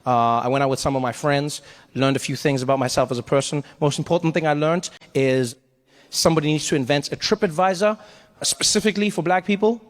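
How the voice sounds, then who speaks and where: Animated male stand-up comic. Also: fairly high pitch, long reverb tail. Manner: animated storytelling with acted-out quotes. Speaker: comedian. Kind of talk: stand-up comedy.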